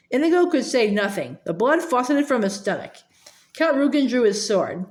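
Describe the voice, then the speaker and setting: Halting woman reading a novel aloud. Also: a little high, sing-song. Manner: halting, with many fillers and restarts. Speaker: reader.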